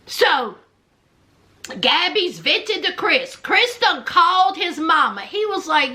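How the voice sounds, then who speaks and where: A woman casually recapping a reality show, animated and acting out everyone's lines. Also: extremely high pitch, a little slow.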